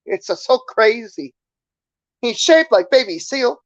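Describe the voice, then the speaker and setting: A man's voice: very high-pitched, very animated, a little slow, no echo, dull audio, voice pushed up, exaggerated voice. A man voicing a menacing male ice cream vendor who speaks in clipped, broken English.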